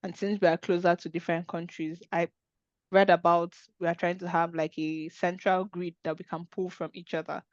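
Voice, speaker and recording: A woman's voice: on the low side, flat delivery, normal speed, a little mellow, no room sound, dull audio. A woman hosting an online webinar discussion, talking in an earnest, conversational way over a video call. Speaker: webinar host.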